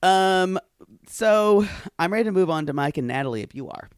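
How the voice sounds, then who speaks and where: Playful camp podcast co-host, lively voice. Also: male voice, high voice, clear, resonant tone, no room sound, studio quality. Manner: playful, camp, quick to laugh. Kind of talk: casual comedic recap chat.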